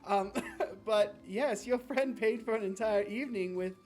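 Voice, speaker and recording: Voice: medium pitch, a little slow, a little mellow, soft background music, pitched above the performer's own voice, natural voice. A game master doing a flustered tiefling hostess. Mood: polite. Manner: polite, hesitant, businesslike. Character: flustered female tiefling brothel owner.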